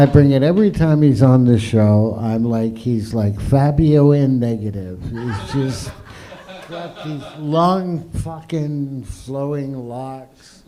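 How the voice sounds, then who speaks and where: A man hosting a live open mic comedy night, with crude, loud and swearing banter between acts. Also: medium pitch. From Canada.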